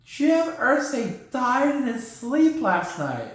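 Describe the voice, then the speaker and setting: A man voicing an excitable male zebra sidekick who swings from over-the-top hype to mock gloom. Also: extremely high pitch, slow pace, full character voice. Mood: mock somber. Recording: very echoey room.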